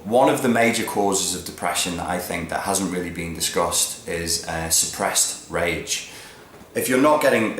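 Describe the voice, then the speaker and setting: A man ranting bluntly in a monologue, swearing freely and swinging from low mutters to loud, emphatic peaks. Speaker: vlogger giving opinions. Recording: roomy echo with faint background noise.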